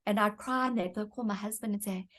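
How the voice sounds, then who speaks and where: A woman speaks as an interview guest, telling her own story with earnest reflection. She often circles back and repeats words as she gathers her thoughts. Her voice sits at an ordinary middle pitch. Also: fairly even intonation, fast talker, a bit bright.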